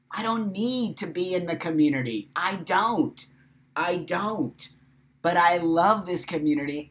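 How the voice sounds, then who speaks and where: A middle-aged man speaking as the host of a live talk stream. His delivery is unhurried and deliberate, yet charged with emotion and swearing. He hammers his points home by repeating them. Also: fairly high pitch, a bit bright. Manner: emphatic, profane, emotional, repetitive. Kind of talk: impassioned live-stream monologue.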